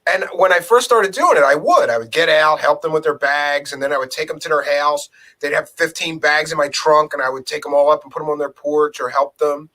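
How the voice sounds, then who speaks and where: Bright-voiced man telling stories casually. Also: fairly high pitch, brisk, hardly any pauses, rough recording. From Philadelphia area. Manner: storytelling, animated, acts out quoted lines. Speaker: co-host. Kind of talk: casual podcast chat.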